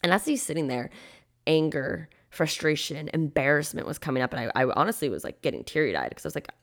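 A young woman hosting a podcast, candidly retelling a personal story in an animated way, with quoted asides and lots of "like". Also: deep voice, brisk. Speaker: podcast host.

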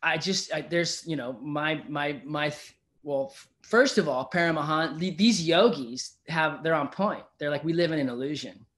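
A man telling a personal story in casual conversation as a podcast guest, animated, swearing freely and often asking "you know what I mean". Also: a little high, a little slow, few pauses.

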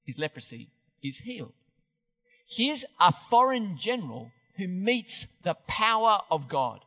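A male preacher gives a sermon in a chatty, self-deprecating way. His voice is high and bright, and his pitch swings widely. Long reverb from the church hall trails behind him. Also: big pitch swings, measured pace.

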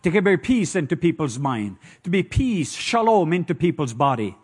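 A man's voice: a little high, sing-song, normal speed, darkish tone, breathy edge. A man with a Norwegian accent preaching a sermon, telling stories and joking with the congregation. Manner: storytelling, playful asides to the congregation.

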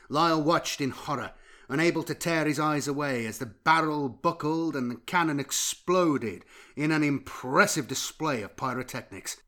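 A man reading war fiction aloud as an audiobook, with an intense delivery that swells sharply in loudness. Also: fairly high pitch. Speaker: narrator.

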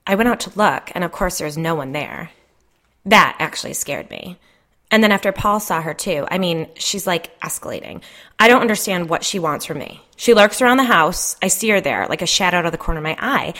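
A woman's voice: fairly low pitch, lively intonation, fairly quick, bright, forceful tone. Jen, a woman playing a frazzled, gossipy suburban mom. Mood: rattled. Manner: agitated, complaining, swears, fillers like "like". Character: stressed, gossipy suburban mother, adult woman.

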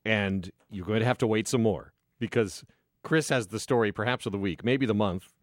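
A man's voice: fairly low pitch, moderate pace, no room sound, clean studio sound. A man hosting a casual chat show, wry and a bit hesitant. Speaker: host.

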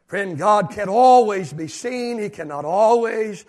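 An older man preaching a sermon as pastor, repeating phrases emphatically and swinging from shouts down to hushed asides. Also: sits high, lively intonation, measured pace.

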